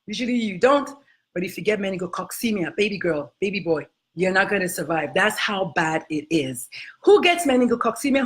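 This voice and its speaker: A woman's voice: medium pitch, a bit bright. A woman doctor with an accent hosting a live health stream, talking to viewers in an emphatic, motherly way and calling them honey and baby. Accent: non-American accent.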